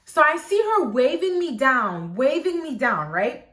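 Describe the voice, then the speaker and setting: A woman tells a story on her channel in a lively, chatty way, acting out what people said and dropping "like" everywhere. Her voice sits a bit high, and the room gives it a hollow echo. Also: measured pace. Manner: animated, lots of "like", acts out quotes. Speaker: vlogger. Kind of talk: casual storytelling. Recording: echoey room.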